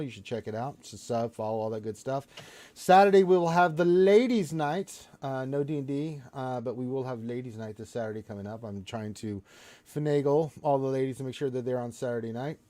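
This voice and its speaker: Energetic jokey man hosting a stream. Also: mid-range voice. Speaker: host.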